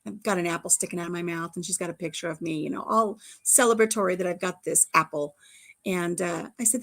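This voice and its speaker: A woman's voice: medium pitch, a bit bright. A middle-aged woman hosting a livestream, chatting casually, telling stories and answering the live chat. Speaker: livestream host.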